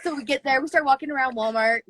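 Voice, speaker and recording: An American woman from Utah, chatting casually and telling a dating story, animated and laughing often. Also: high voice, quick pace, no echo, rough recording. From Utah, USA. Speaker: podcast guest. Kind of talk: casual chat.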